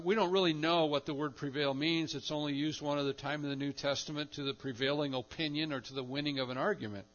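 A man preaching a sermon, moving between quiet asides and loud, stressed phrases. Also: on the high side, lo-fi sound. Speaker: pastor.

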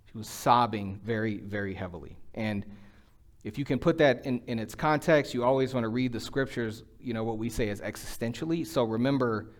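A man's voice: medium pitch, brisk. A middle-aged man preaching a sermon in a conversational way, acting out quoted lines with a rising voice. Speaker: pastor.

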